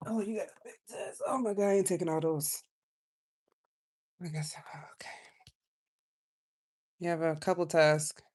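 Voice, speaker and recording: A woman giving a casual live tarot reading, chatty and loose, drifting from quiet asides to loud outbursts. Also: lowish voice, measured pace, pauses often. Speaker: tarot reader.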